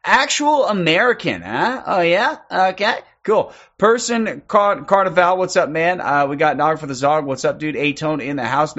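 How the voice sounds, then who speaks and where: A man hosting a livestream in loose, casual chat, reeling off quick shout-outs and swearing freely. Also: a little high, lo-fi sound. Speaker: livestream host.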